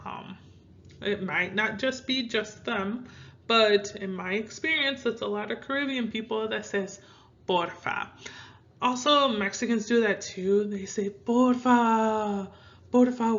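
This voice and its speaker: A woman's voice: fairly high pitch, a bit bright, dull audio. A young woman from Minnesota with a Midwestern American accent, teaching Spanish phrases in a casual, rambling way with many fillers. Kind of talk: casual language lesson.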